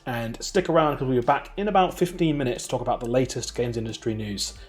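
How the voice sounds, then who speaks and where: A man hosting a show, thanking a guest politely and throwing to the next segment. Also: mid-range voice. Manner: brisk, polite presenter. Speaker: host. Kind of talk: scripted show link.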